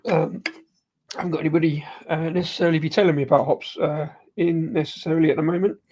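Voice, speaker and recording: Husky man rambling through a beer tasting. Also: on the high side, fairly even intonation, quick pace, darkish tone. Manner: rambling, hesitant, full of ums and self-corrections; sipping and tasting beer while talking. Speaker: beer reviewer hosting his channel. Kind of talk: casual live beer tasting review.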